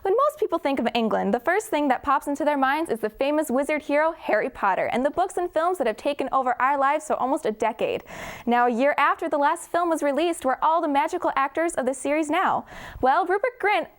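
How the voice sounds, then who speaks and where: Chirpy lady reading celeb gossip, high voice. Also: expressive, fairly quick. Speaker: gossip correspondent. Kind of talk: scripted entertainment news report.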